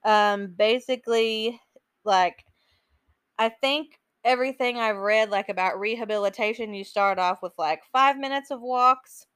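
A woman's voice: fairly high pitch, a little slow, a bit bright, clean tone, no echo. Chatty woman podcaster, dry sound. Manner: chatty, emotional storytelling full of "like" and "um". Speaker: podcast host. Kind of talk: casual podcast chat.

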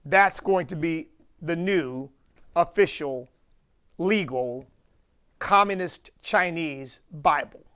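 A man from the United States preaching a sermon as pastor, driving his points home with slow, emphatic stresses on key words. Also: fairly high pitch, fairly bright tone, clean tone.

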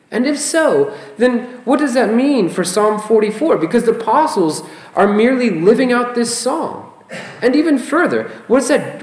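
A man preaching a sermon as a pastor, expressive and emphatic, often asking rhetorical questions. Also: high voice. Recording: roomy echo.

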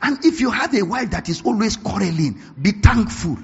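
A man preaching a sermon, telling stories with animated bursts of laughter and shouting. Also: high-pitched, normal speed, gravelly, husky. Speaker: pastor. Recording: dull lo-fi recording.

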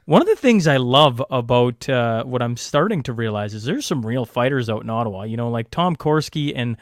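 A man's voice: mid-range voice, animated, a little fast, no room sound, studio quality. A man hosting a podcast, chatting casually and joking in disbelief. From Canada. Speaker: podcast host.

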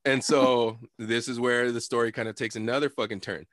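A young man spins a rambling, swear-heavy story on a podcast and keeps slipping into exaggerated voices to act out what people said. His voice sits at an everyday middle pitch. The sound is dry and close, with no room around it. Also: moderate pace, no echo. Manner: animated, profane, lots of fillers and laughter. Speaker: podcast co-host. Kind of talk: casual storytelling chat.

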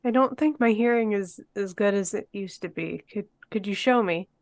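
A woman playing a tabletop game, speaking gently and laughing easily as she plays her character. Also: medium pitch, normal speed, dry recording, clean studio sound. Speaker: player. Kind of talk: casual tabletop role-play.

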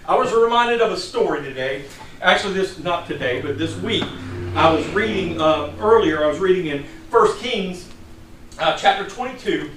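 A man's voice: sits high, animated, moderate pace, a bit bright, slight background noise. A middle-aged man preaching a sermon in a conversational, storytelling way, from a distant mic in a church hall.

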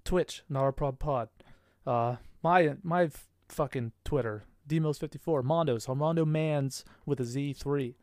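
Excitable, profane young man telling stories. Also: on the high side, moderate pace, hardly any pauses, no echo, clean studio sound. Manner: profane, animated storyteller, laughs often. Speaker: podcast co-host. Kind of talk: casual chat.

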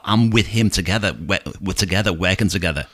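A middle-aged Liverpool man with a thick Scouse accent and a very deep voice. He tells taxi stories in relaxed podcast chat, throwing himself into the voices of his passengers. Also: quick pace. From Liverpool, England. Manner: animated storyteller who acts out voices. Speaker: podcast host, taxi driver. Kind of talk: casual storytelling chat.

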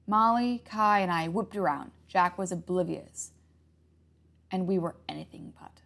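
A woman narrating a first-person horror story in an even, hushed reading manner. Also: fairly low pitch, unhurried, vocal fry.

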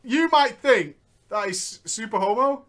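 A man's voice: very high voice, animated, measured pace, fairly bright tone. A man in his thirties chatting casually as a podcast co-host, laughing often and teasing. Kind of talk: casual chat.

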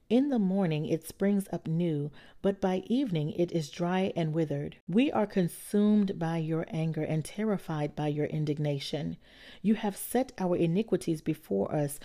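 A woman giving a measured, earnest Bible reading. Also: low voice, dark tone. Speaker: Bible reader. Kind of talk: scripture reading.

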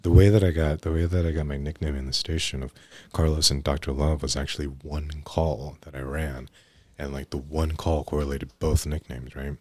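A young man with a strikingly deep, low voice tells work stories on a podcast in a loose, rambling way. He keeps restarting his sentences and tacks "right?" onto them. The sound is dry and close, with no room echo. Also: fairly even intonation, normal speed, few pauses, a little mellow. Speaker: guest EMT telling stories. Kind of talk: casual podcast storytelling.

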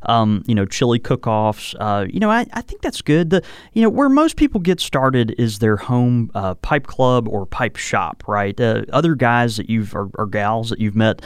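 A man's voice: medium pitch, expressive, moderate pace, hardly any pauses, clear, resonant tone, dry recording, clean studio sound. A man co-hosting a casual podcast about pipes, talking in a rambling way with many fillers and restarts. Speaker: podcast co-host.

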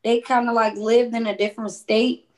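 Animated woman with a Maryland accent. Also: normal speed. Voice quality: lightened voice, naturally deep. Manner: animated, laughs, mimics accents. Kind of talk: casual chat.

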